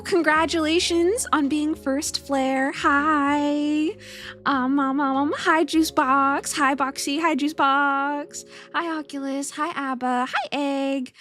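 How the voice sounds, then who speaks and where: A woman's voice: high voice, a little slow, fairly bright tone, faint music behind. A young woman streaming from home, chatting casually and a little rambling, giggling as she greets her chat by name.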